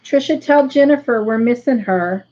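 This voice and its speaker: A woman hosting a casual livestream, slowly tallying up points for viewers. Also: a little high, mellow, dull audio. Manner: slow, careful tallying of points. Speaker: livestream host.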